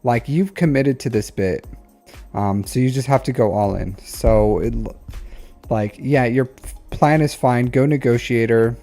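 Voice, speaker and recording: A man with a mellow, relaxed voice talks through a viewer's account in casual live-stream commentary. He rambles, doubles back and leans on "like" and "um" as he thinks aloud, with faint music playing softly behind him. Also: medium pitch, a little slow. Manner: rambling, repeats phrases, frequent "like" and "um". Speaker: streamer giving account reviews.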